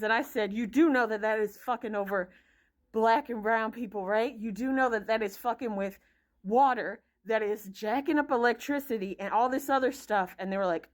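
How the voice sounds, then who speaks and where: Woman, 30s, high-pitched vlogger, blunt profane ranting storyteller. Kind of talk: casual vlog rant.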